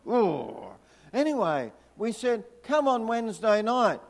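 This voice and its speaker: A man's voice: high-pitched, expressive, slow. An older man, from Tasmania, preaching a storytelling sermon with chatty, humorous asides. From Tasmania, Australia. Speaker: visiting preacher. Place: church hall. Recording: long reverb of a hall.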